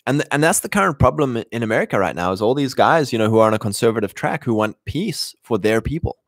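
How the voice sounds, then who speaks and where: A man's voice: medium pitch, very animated, quick pace, dry recording, clean studio sound. A man hosting a podcast, talking in a casual, rambling monologue with many restarts and mocking put-on voices.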